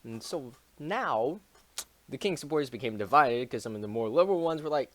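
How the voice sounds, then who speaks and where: A man's voice: medium pitch, expressive, brisk, no room sound. A man casually summarizing a history chapter on a stream, joking and swearing constantly with mumbled asides.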